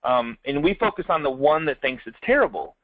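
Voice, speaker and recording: A man's voice: a little high, fairly quick, no echo, phone-quality sound. A man coaching in a casual business chat, telling stories and acting out what people say. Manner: animated storyteller acting out quotes.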